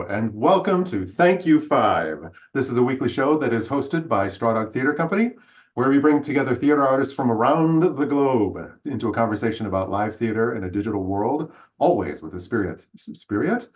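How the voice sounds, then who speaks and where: A man hosting a live-streamed theater talk show, speaking in a friendly, halting way with many fillers. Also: mid-range voice, animated, lo-fi sound. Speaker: host.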